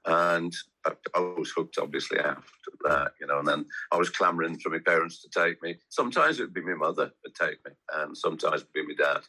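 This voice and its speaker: A man's voice: a bass voice, brisk, bright, forceful tone, poor audio. A man, chatting in a rambling, anecdotal way as a guest. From English West Midlands. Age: 60s. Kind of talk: casual chat.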